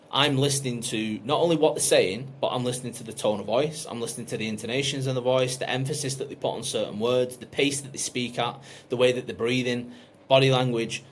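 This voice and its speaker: Man, business coach, blunt, sweary, emphatic, faint background hiss. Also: medium pitch. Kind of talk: casual coaching call.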